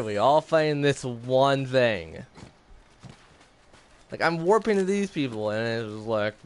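A man's voice: mid-range voice, lively intonation, a little slow. A man chatting casually in a rambling way while streaming gameplay. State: has the hiccups. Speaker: gaming streamer.

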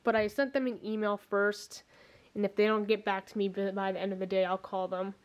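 A young woman vlogging at home, talking straight to her handheld camera in a loose, rambling way. She is a bit out of breath and keeps restarting her sentences and filling the gaps with "um" and "like". Her pitch sits in a middle range, neither high nor low. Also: flat delivery, a little fast. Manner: rambling, chatty, many restarts and fillers. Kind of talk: casual vlog chat. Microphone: handheld camera mic.

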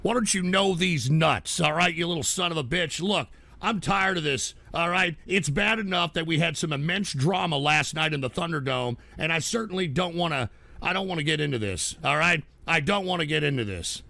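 A middle-aged man hosting a live show, ranting profanely and shouting at his chatters. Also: fairly high pitch, normal speed, gravelly, no echo. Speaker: livestream host.

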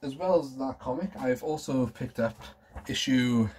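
A man in his thirties chats casually at home, showing off his collectibles as a vlogger with a rambling, enthusiastic, nostalgic manner. His voice is medium-pitched and darkish, a little slow, with a faint hiss or hum in the recording.

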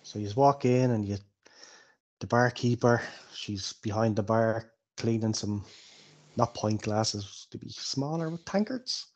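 A man running a tabletop game as game master, narrating in a relaxed, rambling way. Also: fairly low pitch, measured pace. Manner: relaxed, rambling with fillers like "kinda".

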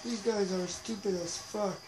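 A man giving profane, excitable live commentary over his gameplay, trash-talking the players he beats. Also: high-pitched, unhurried. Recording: roomy, noisy home recording.

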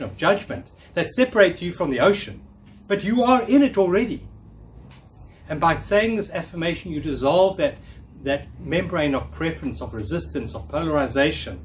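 A man in his fifties giving a live talk to a room, coaching listeners through affirmations and repeating key phrases. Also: a little high. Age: 50s. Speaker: workshop speaker. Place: meeting room with audience. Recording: distant room mic with faint noise.

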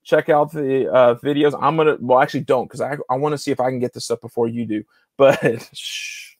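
A man's voice: medium pitch, steady tone, fast, no room sound, studio quality. Chatty man hosting a video-call interview. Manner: chatty, laughs often, repeats words. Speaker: interviewer and channel host. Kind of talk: casual interview chat.

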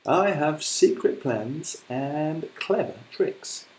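A man voicing a greedy crocodile in a children's story with a slow, gloating drawl. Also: a little high, animated, slight background noise, voice pushed up, low-quality recording. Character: sly, greedy enormous crocodile.

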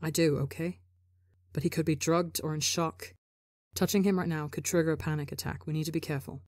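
A steady young rescuer with a soft, even way of talking, as a woman reader puts him on. The voice is lowish and dry, with no room sound, in an audio story. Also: normal speed, dry recording. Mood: calm. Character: calm, steady young man, a careful rescuer.

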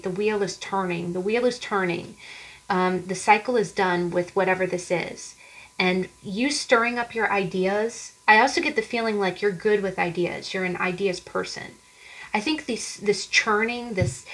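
A woman's voice: medium pitch, low-quality recording. Woman tarot reader, casual earnest delivery with frequent restarts. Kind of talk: casual tarot reading to viewers.

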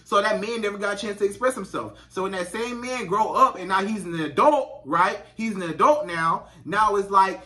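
High bright-voiced man giving relationship advice. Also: moderate pace, hardly any pauses, recorded from a distance. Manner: emphatic and conversational, speaks straight to women, repeats phrases. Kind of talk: direct-to-camera advice vlog.

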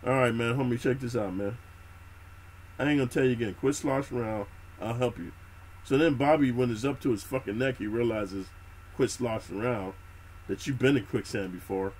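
A middle-aged man running a YouTube prison-story channel speaks in a medium-pitched, slightly mellow voice, fairly quickly, over slight background noise. Casual and unscripted, he recounts prison and military stories in heavy street slang, swearing constantly and calling the listener "homie."

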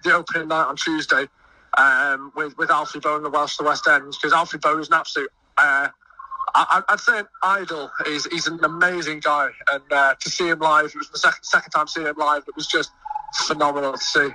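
A young man who sings in a choir and volunteers at a festival, talking excitedly in a radio interview and often stumbling over his words. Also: on the high side, a little fast, dry recording, recorded from a distance, rough recording. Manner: eager, stumbling restarts. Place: busy outdoor festival field.

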